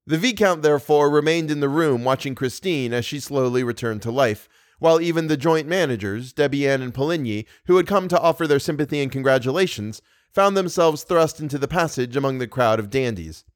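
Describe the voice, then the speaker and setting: A man reads a classic novel aloud in a steady, measured way, his voice in the middle range for a man. The recording is dry and close, with no room around it. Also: mid-range voice, no room sound. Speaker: audiobook narrator. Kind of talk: scripted narration.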